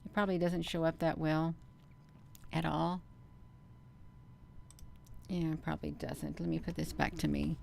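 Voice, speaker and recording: A woman's voice: sits low, unhurried, creaky, pauses often, a little hiss or hum. A woman hosting her channel, giving casual commentary over camera footage, talking straight to her viewers and pressing her points with emphatic bursts. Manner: animated, repeatedly addresses viewers as "you all". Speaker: channel host.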